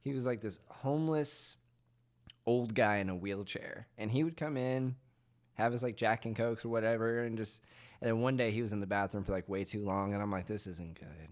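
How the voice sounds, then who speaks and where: A man hosts a casual sit-down chat, spinning loose and profane stories from behind the bar. His delivery is relaxed and conversational, with plenty of filler along the way. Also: on the low side, moderate pace. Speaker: podcast host and bartender.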